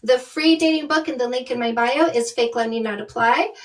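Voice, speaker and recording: A woman with a high, bright-pitched voice talks straight to her live-stream audience, blunt and animated, calling them "my loves." She sounds set back from the microphone. She is a middle-aged dating coach from Canada. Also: fairly quick, far from the mic. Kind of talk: casual live-stream chat.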